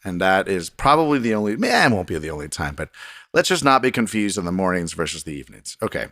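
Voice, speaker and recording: Podcast host, male, very low voice, rambling self-deprecating solo chat, close and dry. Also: big pitch swings, fast, fairly bright tone, no room sound. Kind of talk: casual solo podcast monologue. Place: desk in a home recording room.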